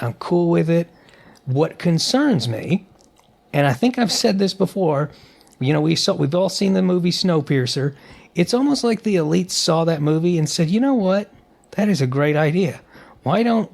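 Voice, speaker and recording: A man co-hosting a podcast, chatting in an animated, opinionated way with frequent restarts. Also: on the high side, vocal fry. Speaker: podcast co-host. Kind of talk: casual podcast chat.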